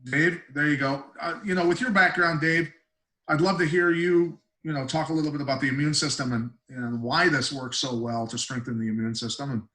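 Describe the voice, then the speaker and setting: Man host, bright forceful voice, conversational, echoey room, video call. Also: fairly high pitch, fairly even intonation, brisk. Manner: affirming, conversational. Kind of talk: casual video-call chat. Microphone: video call microphone.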